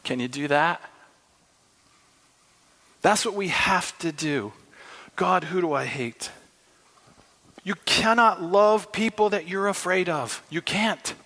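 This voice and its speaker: A man's voice: high voice, slow, pauses often, sharp tone. A man preaching a sermon in an impassioned, emphatic way, acting out dialogue. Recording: long hall reverb.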